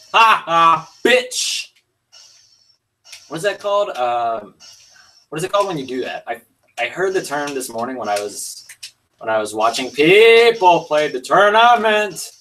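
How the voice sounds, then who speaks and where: Male livestreamer, profane and explosive; very animated pitch, heard from a distance with faint noise. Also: moderate pace. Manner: profane, yelling outbursts at the game. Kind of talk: gaming livestream commentary.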